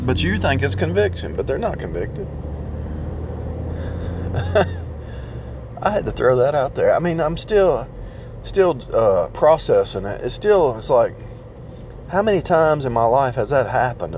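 A man shares religious reflections in a rambling, casual monologue about faith, frequently restarting and repeating phrases. His voice is slightly high, with a bit of background noise.

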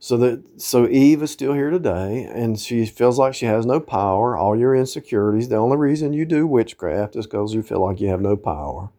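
A man's voice: medium pitch, expressive, moderate pace, few pauses, mellow. Man delivering a scolding informal sermon. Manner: scolding, rising to emphatic outbursts; quotes scripture in old-fashioned wording. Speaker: preacher.

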